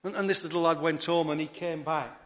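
Man, preaching a sermon, earnest, stumbling restarts, fairly high voice. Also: steady tone, fairly quick. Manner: drops to a soft near-whisper on key words.

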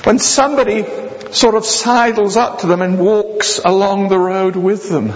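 A man preaching a sermon with jokey asides, swinging between loud, high passages and low, quiet ones. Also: normal speed. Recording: dull sound with long hall reverb.

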